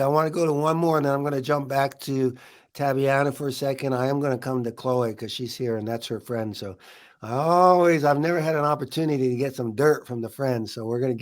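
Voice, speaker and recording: A man hosting a casual interview over a video call, upbeat and chatty. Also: mid-range voice. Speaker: talk show host.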